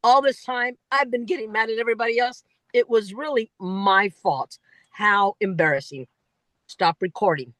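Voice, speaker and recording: A woman giving a lively talk that coaches speakers on winning a speech contest, with emphatic delivery and frequent asides. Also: normal speed, no echo, low-quality recording. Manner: animated, emphatic, swings pitch widely for emphasis.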